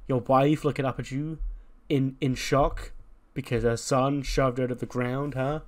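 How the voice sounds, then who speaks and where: Sneering, goading young heel wrestler, his lines rising in pitch and volume as he taunts , voiced by a man. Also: close to an everyday voice.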